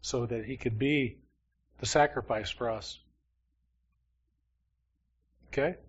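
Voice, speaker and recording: A man's voice: mid-range voice, slow, breathy edge, dull audio. A man teaching a Bible study in a conversational way, often asking his listeners questions and reading from scripture. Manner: conversational, asks the class questions.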